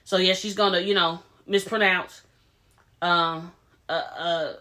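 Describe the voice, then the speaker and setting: A woman's voice: fairly low pitch, fairly even intonation, takes it slowly, sharp tone. A woman giving casual, opinionated commentary as she recaps a reality TV episode, retelling scenes in quoted voices.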